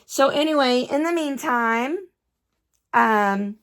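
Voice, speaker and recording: A woman's voice: medium pitch, a little slow. A woman vlogging in a casual chat about her doll collection, gushing, repeating herself and stumbling over names.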